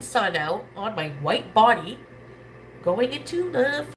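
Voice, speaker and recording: A woman's voice: a little high, sing-song, a little slow, a little hiss or hum, poor audio. A woman livestreamer in a crude, angry rant who hurls insults and cuts off her own swear words mid-word. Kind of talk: ranting livestream monologue.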